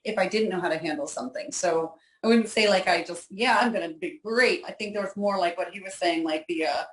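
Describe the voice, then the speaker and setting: A woman's voice: lowish voice, quick pace, roomy sound, low-quality recording. A woman, an inker guest in an interview, chatting casually and poking fun at herself. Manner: chatty, self-deprecating, laughs often.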